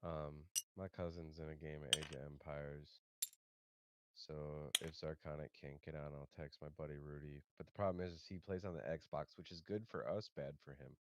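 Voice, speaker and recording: A man's voice: a bass voice, fairly even intonation, moderate pace, muffled recording. A man who drops into a voice chat to catch up with a friend, talking in a laid-back, rambling way. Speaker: visiting friend. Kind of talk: casual chat.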